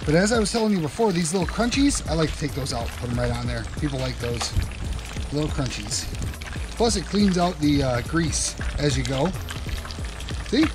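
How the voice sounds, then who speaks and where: Chatty man demonstrating a fish fry. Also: on the high side, sing-song, moderate pace. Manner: chatty, instructive, talks straight to the viewer. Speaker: fishing and cooking channel host. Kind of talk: casual cooking demonstration. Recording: music playing underneath.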